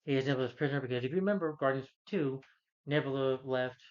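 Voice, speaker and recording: A man's voice: medium pitch, quick pace, lo-fi sound. A man casually recapping a film's plot, rambling with lots of fillers and self-corrections. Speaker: film reviewer.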